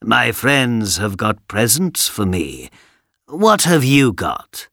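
A man voicing a scheming, greedy king in a storybook, speaking slowly and mockingly. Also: mid-range voice, sing-song, creaky, sharp tone, dry recording, studio quality, heavily acted.

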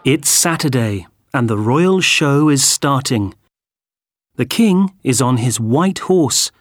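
A man narrating a textbook story in slow, clear, expressive scripted delivery. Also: medium pitch, no echo.

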